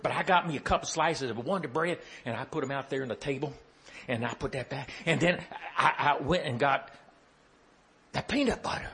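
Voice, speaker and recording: A man's voice: mid-range voice, fairly quick, a bit bright, slightly rough. A man telling a folksy, playful story and chatting with his listeners with questions.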